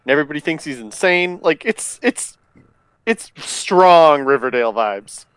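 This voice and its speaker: A man's voice: a little high, lively intonation, normal speed, fairly bright tone, clear, resonant tone, dry recording. A man co-hosting a podcast, chatting casually with blunt, crude jokes. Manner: jokey, blunt, crude humor. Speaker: podcast co-host. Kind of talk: casual chat.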